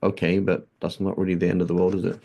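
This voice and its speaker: A man's voice: deep voice, monotone, quick pace, creaky, dark tone, husky. A man teaching a conversational religious lesson, explaining points and often checking in with a rhetorical "right?", with Arabic terms mixed into his English. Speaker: Islamic teacher.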